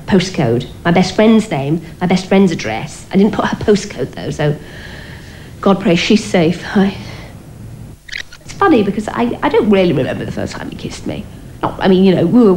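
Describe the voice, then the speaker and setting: An actress playing a dreamy, odd asylum patient who rambles hesitantly with many restarts. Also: female voice, on the low side, darkish tone, slight background noise, close to an everyday voice, rough recording.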